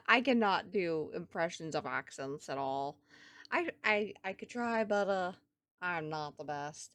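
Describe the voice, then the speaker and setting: A woman's voice: on the low side, expressive, measured pace, a bit bright, no room sound, studio quality. A woman with a Southern US accent streaming a game, chatting casually with her viewers and thinking aloud as she plays. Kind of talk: casual gameplay chat with viewers.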